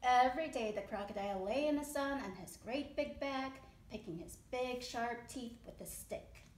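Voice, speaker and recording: A woman with a high, bright voice reads a children's picture book aloud, giving each sentence an animated, expressive lift. She is recorded at home in an echoey room with a faint hiss behind her. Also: moderate pace. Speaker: mother reading aloud. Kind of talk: children's story read-aloud.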